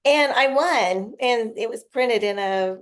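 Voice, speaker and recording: A woman's voice: on the high side, slow. A woman hosting a casual group chat on a video call, chatty and upbeat.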